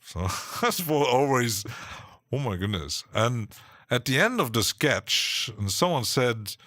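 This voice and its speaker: A man hosting a live stream, chatting casually in a rambling, halting way with frequent restarts and short laughs, from his home studio. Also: mid-range voice, sing-song, pushed and bright, no room sound.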